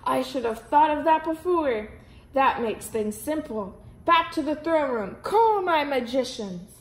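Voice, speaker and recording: A woman voicing a fretful, fussy old king who talks slowly and gets exasperated, in a roomy space. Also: high-pitched, animated. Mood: relieved. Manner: slow, exasperated, easily flustered. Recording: roomy echo.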